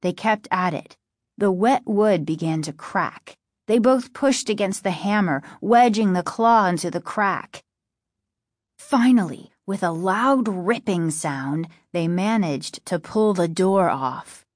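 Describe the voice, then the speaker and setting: Female audiobook narrator, unhurried, measured delivery, dry studio sound. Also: medium pitch, dry recording. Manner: measured, steady storytelling. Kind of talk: scripted narration.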